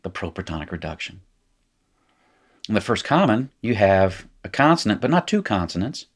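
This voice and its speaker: Deep-voiced Appalachian man teaching. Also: sing-song, moderate pace. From North Carolina. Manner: casual, self-correcting explainer who laughs at his slips. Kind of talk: recorded lecture.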